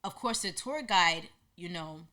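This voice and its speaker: A woman hosting a podcast, telling a personal story in an animated way and acting out what people said. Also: fairly low pitch, unhurried. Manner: animated, acts out quotes in lively voices. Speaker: podcast host.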